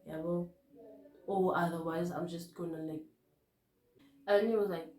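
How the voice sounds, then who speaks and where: A young South African woman telling a personal story to camera in a hushed, subdued way, often mixing in Zulu. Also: fairly low pitch, steady tone, measured pace, long pauses, roomy sound. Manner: hushed and subdued when recalling events, code-switching. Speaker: vlogger.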